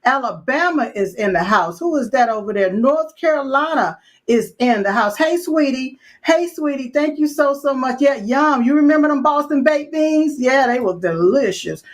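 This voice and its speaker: A woman's voice: high voice, expressive, normal speed. Sassy woman hosting a live show. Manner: sassy, folksy, full of call-outs and asides. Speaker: show host. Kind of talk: live-stream chat show.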